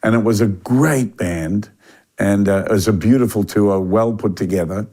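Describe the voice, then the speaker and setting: An older man with an Australian accent, a musician guest telling animated stories and acting out the people he quotes. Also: on the low side, normal speed. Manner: animated storyteller, acts out quoted voices, frequent restarts. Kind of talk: relaxed storytelling interview.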